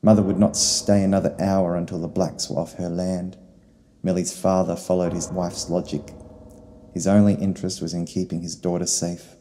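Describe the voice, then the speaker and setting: A man reading a short story in slow, solemn narration. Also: sits low, little pitch movement, mellow. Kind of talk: scripted narration. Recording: long reverb, faint guitar music.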